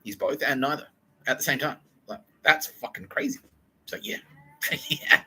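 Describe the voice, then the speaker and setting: A man's voice: medium pitch, expressive, normal speed, sharp tone, breathy edge, rough recording. An Australian man hosting a podcast, telling a rambling comic story full of swearing and laughter. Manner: profane, laughing, digressive storytelling. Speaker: podcast host.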